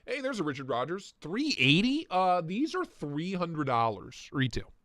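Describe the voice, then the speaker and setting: A man hosting a casual livestream, reviewing knife listings with crude jokes and frequent laughter, his voice going a bit hoarse. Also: a little high, sing-song, moderate pace, fairly bright tone, no room sound, studio quality. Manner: crude joking banter, laughs often. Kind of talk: casual live-stream commentary.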